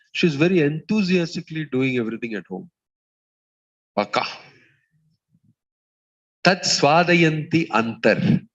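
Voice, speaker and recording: A man giving a spiritual talk as a swami, telling stories in a community hall and pausing with "uh" as he goes. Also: medium pitch, dull audio. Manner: storytelling, acts out quoted voices, pauses with "uh". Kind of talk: sermon.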